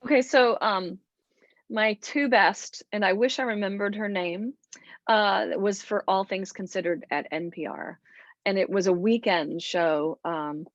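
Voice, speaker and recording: A woman's voice: medium pitch, no room sound, dull audio. A middle-aged woman, a folk musician, chatting at a panel about being interviewed, with frequent restarts. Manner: chatty, with many restarts and fillers. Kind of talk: casual panel talk.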